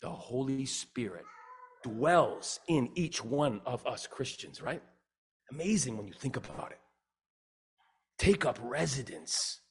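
A middle-aged man giving a humorous storytelling talk as a speaker and singer, animated and acting out dialogue. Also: slow pace, long pauses, slight background noise. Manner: animated, acts out dialogue with big pitch jumps.

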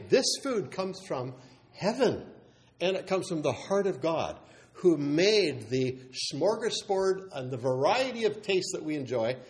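An emphatic male preacher walks through scripture verse by verse in a teacherly way. He slows down to stress key words and swings from loud declarations to softer asides. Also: medium pitch. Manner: teacherly, cites verses and asks rhetorical questions. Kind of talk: expository sermon.

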